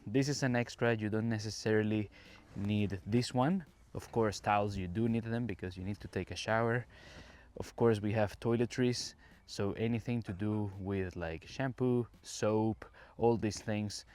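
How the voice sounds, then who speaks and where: A man's voice: on the low side, fairly even intonation, moderate pace, darkish tone. A man from a Caribbean island, an English teacher hosting a casual podcast, talking chattily to the listener while walking around a campsite, recorded on his phone. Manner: chatty, explanatory, addresses listener directly. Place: campsite, outdoors.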